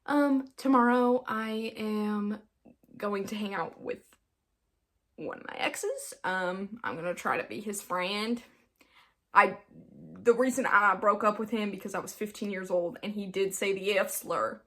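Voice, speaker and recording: A woman's voice: mid-range voice, unhurried, fairly bright tone. A nineteen-year-old woman hosting her own podcast, chatting casually in a rambling, giggly, self-mocking way and putting on an accent now and then. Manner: puts on an accent in places. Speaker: podcast host. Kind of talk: casual solo podcast chat.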